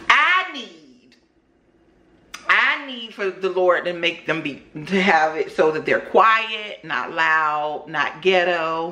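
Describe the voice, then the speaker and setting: An animated woman vlogger chats to her viewers as she tells a long story, her voice bright and forward. The room around her camera microphone rings with a clear echo. She talks to them like she is catching up with friends. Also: on the low side. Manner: animated, chatty, addresses viewers as y'all. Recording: roomy echo.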